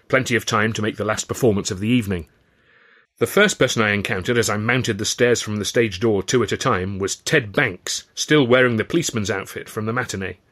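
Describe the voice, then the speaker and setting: Man, low voice, wry measured first-person novel reading. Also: fairly bright tone. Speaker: author and reader.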